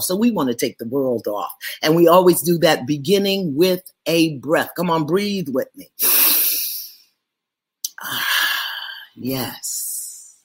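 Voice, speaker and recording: A woman with a somewhat low voice leads a spiritual session over a webcam stream. She welcomes her listeners with affection and stretches out key words for emphasis. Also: breathy edge. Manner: lively, affectionate greetings with drawn-out emphasis. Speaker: spiritual teacher hosting a monthly online gathering. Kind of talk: livestream welcome and spiritual talk.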